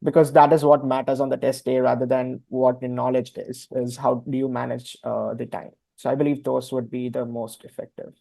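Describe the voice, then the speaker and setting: A man's voice: mid-range voice, level tone, fairly quick, vocal fry, few pauses, warm tone, no echo. A young adult man sharing his residency match story in a casual webinar, hesitant with frequent fillers.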